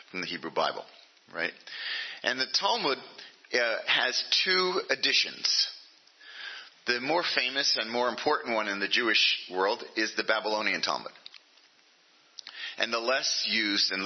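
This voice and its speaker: A man's voice: lowish voice, breathy edge, highs cut off. An older man, a rabbi, giving an informal lecture to an adult class, talking conversationally and checking in with his listeners often. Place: meeting room with a class.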